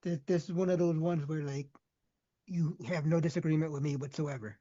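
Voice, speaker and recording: Mellow-voiced man with laid-back replies. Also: on the high side, steady tone, brisk, no echo, dull audio. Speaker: podcast co-host. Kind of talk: casual wrestling review chat.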